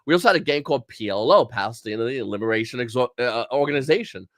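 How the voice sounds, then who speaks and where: A man's voice: mid-range voice, lively intonation, quick pace, a bit bright, no echo. A man from Brooklyn, a podcast guest in a casual chat who talks bluntly and profanely and laughs between his points. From Brooklyn, New York.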